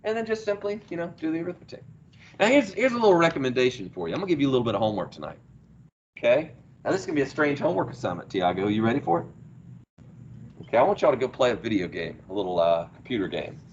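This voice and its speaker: Lively math teacher quizzing his class. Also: medium pitch, racing, dull audio, slight background noise. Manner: asks the class questions and praises answers. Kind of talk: classroom lecture. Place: classroom, heard through a small speaker.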